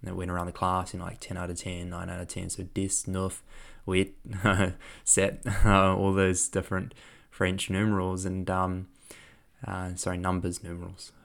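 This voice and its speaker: A young man telling a personal story in a reflective way, laughing often and filling pauses with lots of ums. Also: low voice, completely flat delivery, gravelly, fairly bright tone.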